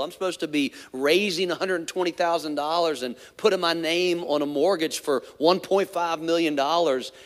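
Male pastor, slightly high voice, candid storytelling sermon, chatty asides, long reverb of a church hall. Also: fairly bright tone. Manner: candid, conversational, many asides.

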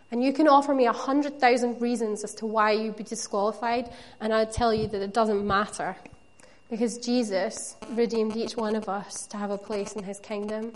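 A woman preaching a sermon, earnest and conversational, with playful asides to the congregation. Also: a little high.

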